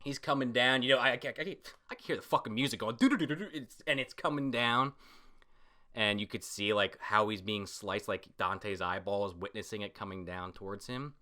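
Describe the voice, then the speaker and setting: A man giving casual reaction commentary on a comic chapter. He talks excitably, swears often, and bursts into shouts. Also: on the low side, normal speed. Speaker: comic reviewer.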